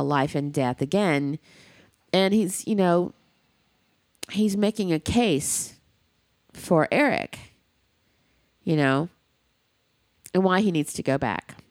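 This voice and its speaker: A woman's voice: sits low, a little mellow, no echo. A woman co-hosting a casual discussion, speaking candidly and emphatically, swearing freely.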